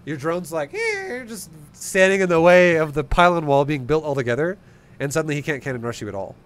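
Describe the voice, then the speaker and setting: A man's voice: on the high side, fast, clean tone. A young man coaching a game player over a replay, casual, swearing freely and acting out little scenes. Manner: swears freely, laughs, acts out examples. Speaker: StarCraft coach.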